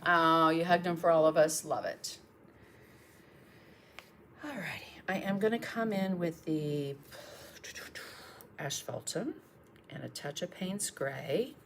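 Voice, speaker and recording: A low-pitched woman with a drawl talks viewers through a painting demo. She chats warmly and encourages them while working with her brush. A faint hiss sits under her voice. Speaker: painting instructor on a livestream. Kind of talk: casual painting demonstration.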